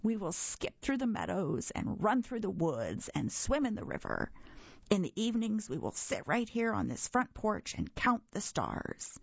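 A woman's voice: medium pitch, a little slow, creaky, no room sound, highs cut off, heavily acted. A woman doing an eager, pleading frog. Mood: cheerful. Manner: bright, pleading and excited. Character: eager cheerful male frog friend.

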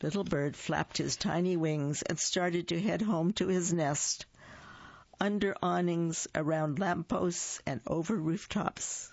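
Slow, gravelly storybook reader. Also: mid-range voice, dry recording. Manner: expressive, acts out sound words. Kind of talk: storybook read-aloud. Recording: dull lo-fi dry recording.

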